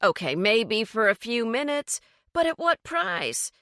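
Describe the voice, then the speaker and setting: A woman voicing a pushy, condescending fitness fanatic in a deep, sugary drawl while reading a story. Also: sing-song, measured pace, a bit bright, no echo, clean studio sound. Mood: cooing.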